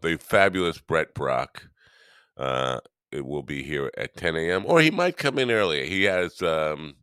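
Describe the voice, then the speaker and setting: A man's voice: sits low, sharp tone, smooth, dry recording, clean studio sound. A man hosting a morning live stream, chatting casually with viewers in a rambling, self-deprecating way while still half awake.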